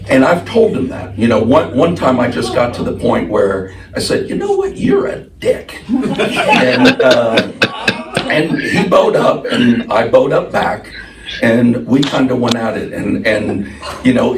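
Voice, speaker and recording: A man telling a personal story to a group in a casual, rambling way, with laughs and many fillers. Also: on the low side. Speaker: speaker sharing a personal story. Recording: roomy sound from a distance with clear background noise.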